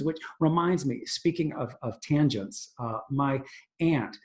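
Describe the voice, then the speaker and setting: Animated man coaching on presentations. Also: fairly high pitch, measured pace. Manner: animated, emphatic, swings from loud to hushed. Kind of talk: online tutorial on presenting.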